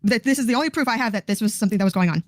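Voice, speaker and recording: A woman on a call rushes through her account, stumbling and repeating words as she goes. Her voice is close and dry, with no room sound. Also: on the high side, dry recording. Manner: hesitant, repeats words, many fillers. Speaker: guest on a call. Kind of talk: casual account.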